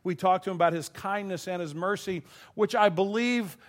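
A man, a pastor, preaching a sermon in an earnest, emotional way, laughing at times and quick to choke up. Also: high voice. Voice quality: voice goes thin and quiet when choked up.

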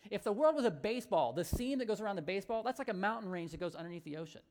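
Woman preaching in an animated, lively way. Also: medium pitch, rapid-fire. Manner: animated conversational storytelling. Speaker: pastor. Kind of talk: sermon.

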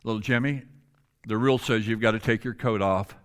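This is a firm, measured schoolteacher calling his class to order, as a man retells him in a sermon. The delivery stays close to a plain speaking voice. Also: lowish voice, smooth, lightly acted. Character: firm male schoolteacher enforcing rules.

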